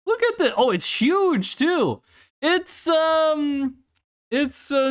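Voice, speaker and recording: A game streamer chatting casually during a live gameplay session, swearing freely and bursting into excited exclamations, recorded on a desk microphone at home. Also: high voice, very slow.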